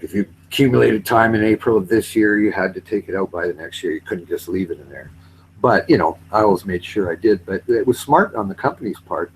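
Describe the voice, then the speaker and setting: A man's voice: fairly low pitch, slight background noise, poor audio. A man in casual chat, rambling about his railway job and likes to mimic accents for laughs. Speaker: retired railway worker.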